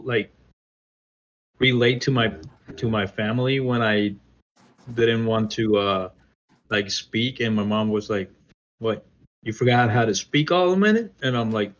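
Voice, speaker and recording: A man's voice: lowish voice, measured pace, pauses often, slight background noise. A man telling a childhood story in a casual chat, rambling with many fillers. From United States. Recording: dull lo-fi sound.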